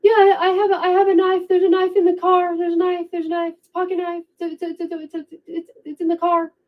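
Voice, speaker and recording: A woman's voice: very high voice, monotone, measured pace, pitched above the performer's own voice. Woman playing a stammering, panicking man. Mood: panicked. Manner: stammering, frantic repetition. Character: panicking man confessing to police. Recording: dull lo-fi sound.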